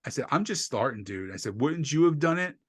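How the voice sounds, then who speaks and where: A husky, mid-range male voice, a little fast, belongs to a New Jersey comedian telling podcast stories. He swears and vividly acts out quotes in a casual, animated way. Audio from his desk USB microphone is dry and studio-clean.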